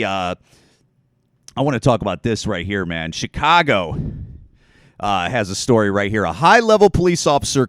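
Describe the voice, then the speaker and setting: On his own casual podcast, a host with a mid-range voice rants in a rambling, profane and sarcastic way, with no room sound in the recording.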